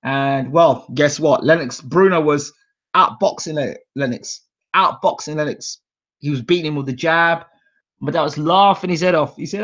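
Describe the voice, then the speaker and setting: A man's voice: a little high, normal speed, sharp tone. A man in his forties hosting a boxing channel, telling casual stories and acting out his dad's voice in the quoted lines. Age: 40s. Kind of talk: casual storytelling monologue. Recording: dull lo-fi sound.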